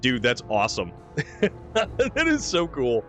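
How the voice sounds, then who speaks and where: A man's voice: medium pitch, huge pitch swings, unhurried, fairly bright tone, soft background music. A man from New Hampshire streaming a game live, chatting casually with viewers and calling them dude. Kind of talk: live gameplay commentary and chat reading.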